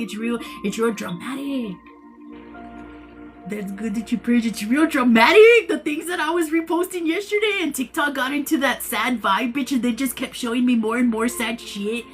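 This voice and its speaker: A tired woman hosting a tarot livestream, chatting casually, rambling, repeating herself and swearing freely. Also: fairly high pitch. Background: background music.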